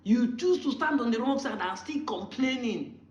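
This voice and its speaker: A man's voice: very high-pitched, lively intonation, normal speed. A Nigerian man giving impassioned commentary, arguing hard and firing rhetorical questions at his critics. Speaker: political commentator. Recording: roomy, dull lo-fi recording.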